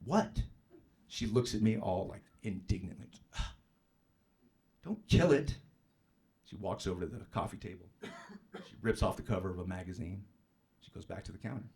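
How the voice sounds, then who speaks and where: A male stand-up comedian doing a profane, brash set on stage, jumping into loud mocking voices for punchlines. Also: low voice, fairly even intonation, fairly quick. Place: comedy club stage with live audience. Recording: live club recording with audience noise.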